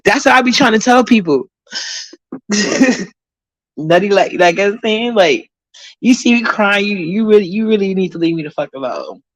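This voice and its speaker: A woman's voice: medium pitch, lively intonation, normal speed, long pauses, no room sound. Blunt, profane New woman vlogger. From Harlem, New York. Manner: blunt, profane, rambling with many fillers. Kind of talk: casual chat, reading comments.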